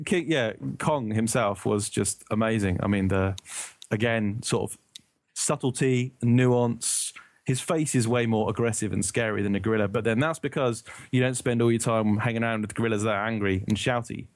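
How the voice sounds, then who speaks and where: Male co-host, gravelly voice, dry close mic, rambling conversational delivery. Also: fairly low pitch, moderate pace, dry recording. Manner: rambling, searching for words, laughing. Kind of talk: casual chat.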